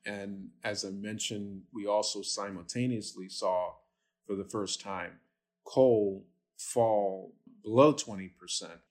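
A man answering interview questions as an energy policy expert, in a measured, methodical way with the odd filler. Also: lowish voice, steady tone, darkish tone.

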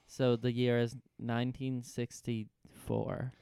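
A man co-hosting a podcast in a casual comedic chat, spinning absurd bits with a deadpan manner. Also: medium pitch, takes it slowly, gravelly, clear, resonant tone, dry recording, studio quality. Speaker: podcast co-host.

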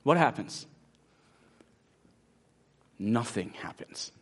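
A man preaching a sermon as pastor, animated and acting out inner voices, moving about a church stage. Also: mid-range voice, very slow, breathy edge.

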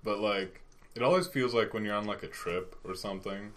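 A man's voice: lowish voice, a little fast, fairly bright tone. A young man hosting a casual chat with friends, loose and jokey, laughing often. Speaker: podcast host. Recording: faint background noise.

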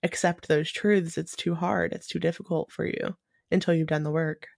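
A woman co-hosting a casual spiritual chat, speaking in a soft, reflective way. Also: fairly low pitch, fairly even intonation, moderate pace, creaky, dry recording, clean studio sound.

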